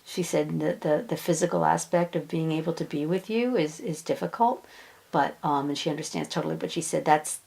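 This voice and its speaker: A woman with a lowish voice and a gravelly edge speaks softly and gently. She passes on messages patiently, often repeating a word before she goes on. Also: fairly quick, poor audio. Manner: soft, repeats words, quotes others. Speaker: hypnosis practitioner. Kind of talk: gentle relaying of channeled messages.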